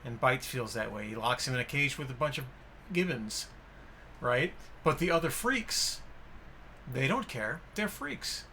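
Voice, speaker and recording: Guy hosting a movie podcast, bright voice, gets all worked up retelling scenes, slight hiss. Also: mid-range voice, measured pace. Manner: enthusiastic, animated retelling with acted-out quotes. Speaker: podcast host. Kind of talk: casual film discussion.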